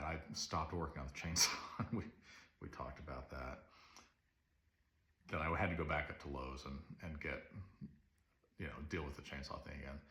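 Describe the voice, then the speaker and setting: Man, very deep voice, echoey room, rambling earnest confessional talk. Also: a bit bright. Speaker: vlogger. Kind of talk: casual confessional monologue. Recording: roomy echo.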